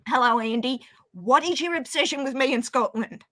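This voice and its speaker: A woman with an Australian accent, chatting casually as a guest on a stream, joking and quick to apologise. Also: high-pitched, fairly bright tone. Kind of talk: casual chat.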